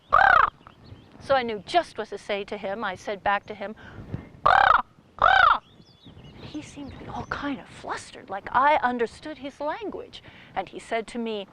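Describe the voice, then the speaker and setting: A woman storyteller telling a tale in a playful, animated way, with sound effects. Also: a little high, very noisy. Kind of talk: oral storytelling performance.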